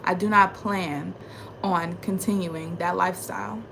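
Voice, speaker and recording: A young woman with a bright, sharp voice vents straight into her phone camera at home. She circles back to the same phrases again and again, emphatic and frustrated, in a spiritual rant. Faint noise hums underneath. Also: lowish voice, steady tone, unhurried, creaky. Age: young adult. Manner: emphatic and repetitive, frustrated venting. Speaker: vlogger. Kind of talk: ranting spiritual vlog monologue. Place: at home indoors.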